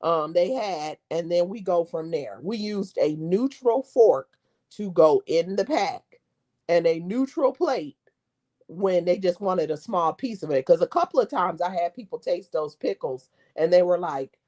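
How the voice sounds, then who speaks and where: A woman vlogger chatting casually, telling a story in an animated way, mimicking people and laughing often. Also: lowish voice, unhurried. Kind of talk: casual chat.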